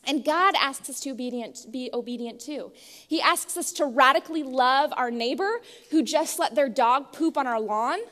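A high-voiced young woman preaching in a church, her tone bright and forward. She talks earnestly, telling stories and restarting phrases as she goes. Long reverb trails her voice through the hall. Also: moderate pace. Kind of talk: sermon with opening prayer. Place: church sanctuary.

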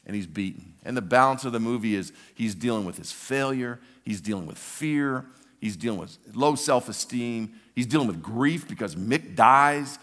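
A man preaching a sermon, telling a story with lively acted-out shouts and hummed music. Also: medium pitch, normal speed, big-room sound. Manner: animated, acts out scenes with shouts and hummed theme.

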